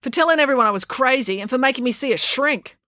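Woman doing a feisty high-voiced girl. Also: animated, fast talker, dry recording, studio quality. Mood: indignant. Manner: high, sharp and demanding. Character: feisty indignant young girl.

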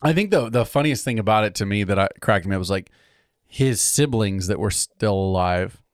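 A man's voice: fairly low pitch, no room sound, studio quality. A man in casual podcast chat from California, telling stories with lots of laughter. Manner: animated storytelling, quick to laugh. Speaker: podcast co-host.

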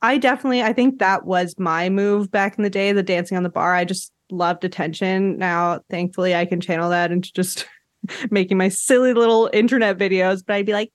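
A woman from Canada hosting a podcast in casual chat, talking in a loose, chatty way full of filler words and easy laughter. Her voice sits at a middle pitch, recorded dry and close to the mic. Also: moderate pace, no echo. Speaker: podcast host.

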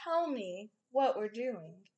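Blunt, animated young woman chatting. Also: fairly high pitch, takes it slowly. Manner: blunt, animated storytelling with acted-out quotes. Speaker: podcast co-host. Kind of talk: casual chat.

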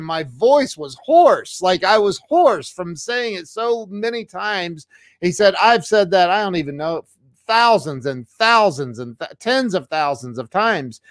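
A man's voice: high voice, no room sound, clean studio sound. A man hosting a podcast, retelling a story with enthusiasm and many fillers. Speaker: podcast host. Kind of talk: casual interview chat.

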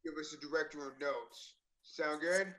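A man's voice: a little high, normal speed, bright, forceful tone, low-quality recording. A man co-hosting a podcast in casual chat, playful and hamming up lines he reads out. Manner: playful, hams up read-out lines. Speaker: podcast co-host.

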